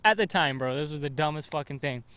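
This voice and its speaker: A man's voice: a little high, fast talker, bright, forceful tone. A young man hosting a podcast, telling rambling childhood stories in casual chat and swearing a lot. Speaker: podcast host.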